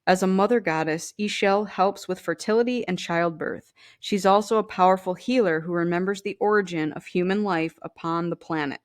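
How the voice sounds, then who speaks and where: A woman's voice: fairly low pitch, normal speed, hardly any pauses. A woman giving a casual tarot and oracle card reading. She reads the card texts aloud and talks straight to the viewer with chatty asides. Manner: chatty, addresses viewers directly with "you know" asides.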